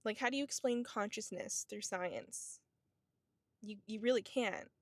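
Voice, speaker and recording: A vlogger in her twenties speaks to camera with a medium-pitched voice at a measured pace, no room sound audible. Her monologue is casual and reflective, spiritual musing loaded with "like" and "you know."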